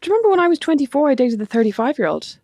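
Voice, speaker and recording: A woman's voice: high-pitched, sing-song, very fast, a little mellow, no room sound. A woman in her thirties with an Irish accent, co-hosting a podcast in casual, teasing chat and often laughing. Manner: teasing, giggly, jokey. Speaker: podcast co-host.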